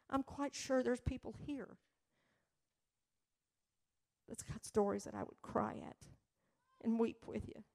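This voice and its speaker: A woman delivers a testimony sermon in church. She talks slowly and earnestly. Her voice rises with emotion as the story builds. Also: mid-range voice, gravelly, dark tone. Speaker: church speaker.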